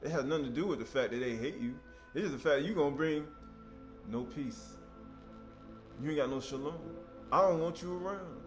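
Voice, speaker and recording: A man preaching a sermon in a conversational, animated way, with sudden loud outbursts. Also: a little high, fairly quick, long pauses, soft background music.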